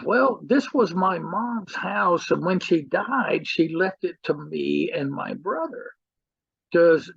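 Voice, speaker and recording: A middle-aged man teaching real estate as an animated storyteller who acts out the dialogue in his anecdotes. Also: sits high, vocal fry, breathy edge, no echo, dull audio. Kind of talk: storytelling seminar talk.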